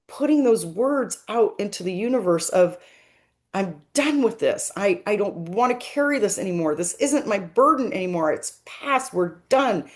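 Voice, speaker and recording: A woman working as a spiritual medium, gently and earnestly explaining a message in a reflective monologue. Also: medium pitch, expressive, moderate pace.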